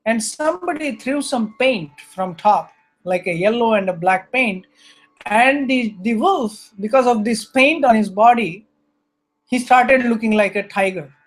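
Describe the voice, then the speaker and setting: High-voiced male storyteller teaching scripture. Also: a little slow. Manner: animated storyteller, acts out characters. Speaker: spiritual teacher. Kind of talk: scripture lecture with stories.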